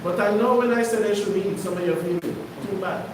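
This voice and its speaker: A man's voice: high voice, normal speed, background noise. A man preaching to his congregation, emphatic and conversational, often putting questions to the listeners. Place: congregation hall. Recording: echoey room, mic far off.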